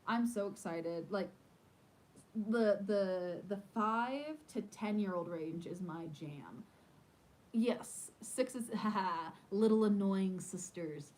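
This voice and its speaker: A woman in her thirties, a podcast host, chatting casually and telling animated stories with lots of "like". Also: medium pitch, low-quality recording. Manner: chatty, animated storytelling with many "like"s. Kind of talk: casual chat.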